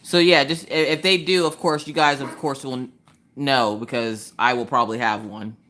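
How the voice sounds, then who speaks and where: A woman's voice: extremely low pitch, fairly even intonation, moderate pace, fairly bright tone. A woman hosting a casual craft livestream, chatting with viewers in a chatty, exasperated way and firing off rhetorical questions. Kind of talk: casual chat with live viewers. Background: chewing ice between sentences.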